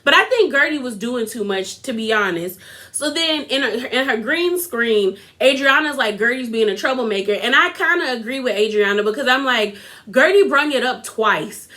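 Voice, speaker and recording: Woman, young adult, high-pitched, bright tone, casual gossipy recap, opinionated. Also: animated, moderate pace. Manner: gossipy, opinionated, addresses viewers directly. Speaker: reality TV recap vlogger.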